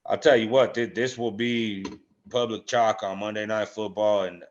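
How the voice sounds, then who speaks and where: A man's voice: lowish voice, fairly even intonation, normal speed. A man co-hosting a casual sports betting chat, blunt and full of swearing, with many "uh" and "um" fillers. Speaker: podcast co-host. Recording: dull lo-fi sound.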